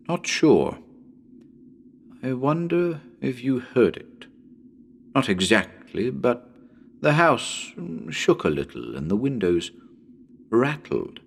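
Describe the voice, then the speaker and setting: A male narrator performs a haunted house story with theatrical flair. His delivery is unhurried, and his pitch leaps and dips all over. He confides in the audience one moment and calls out loudly the next. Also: a little hiss or hum. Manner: theatrical, chatty asides to listeners, sudden calls and laughs. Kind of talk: dramatic horror story reading.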